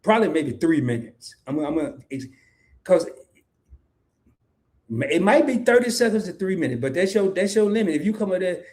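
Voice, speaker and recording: A man's voice: high voice, expressive, moderate pace, pauses often, a little mellow. A man, hosting a casual livestream, reading comments aloud, laughing often and repeating lines for emphasis. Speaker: host of a live talk stream.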